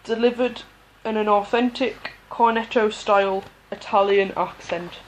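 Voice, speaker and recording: A woman reading a novel aloud as an amateur audiobook, unhurried, with pauses and the odd restart. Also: medium pitch, steady tone, slight background noise, poor audio. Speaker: audiobook reader.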